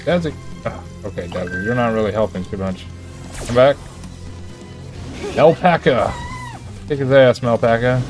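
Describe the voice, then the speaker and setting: A man's voice: mid-range voice, normal speed, pauses often, music in the background. A man giving live commentary while playing a video game, calling out to his creatures and yelping when enemies chase him. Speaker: gamer.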